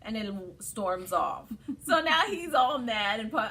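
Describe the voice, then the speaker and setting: A woman co-hosting a casual chat, telling stories in an animated, opinionated way. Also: fairly high pitch, measured pace, few pauses. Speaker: podcast co-host.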